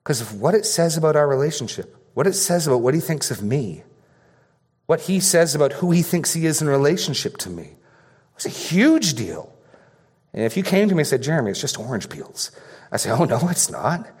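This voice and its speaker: A man's voice: fairly high pitch, sing-song, brisk, a little mellow, husky, in a large hall. A man preaching a sermon as pastor, earnest and emphatic, repeating phrases for stress.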